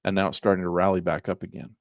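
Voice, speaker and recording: A man teaching trading as he walks through a chart, in a folksy, animated way with slangy asides. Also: low-pitched, rapid-fire, no room sound. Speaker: trading instructor. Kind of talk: chart-walkthrough lesson.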